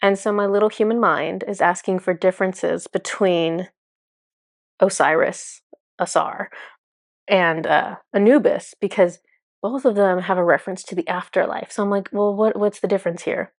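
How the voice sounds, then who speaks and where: A woman's voice: medium pitch, moderate pace, no echo, studio quality. A woman speaking as a spiritual channeler in a casual, enthusiastic monologue full of fillers. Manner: chatty, filler-heavy, enthusiastic.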